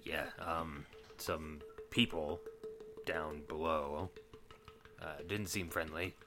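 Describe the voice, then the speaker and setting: Deep-voiced male tabletop player. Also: steady tone, takes it slowly, over music. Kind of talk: casual chat in a tabletop game.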